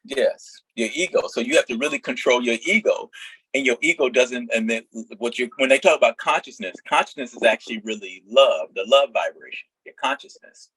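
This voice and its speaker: A man's voice: medium pitch, expressive, fairly quick, a bit bright, breathy edge, no echo, poor audio. A young man, a guest in a casual online chat, explaining spiritual ideas in an earnest, rambling way. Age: young adult.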